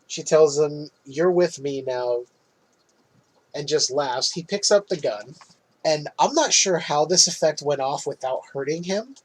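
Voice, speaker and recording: Husky-voiced man recapping a movie. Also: fairly high pitch, rough recording. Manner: loose, swearing, laughs often. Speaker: podcast co-host.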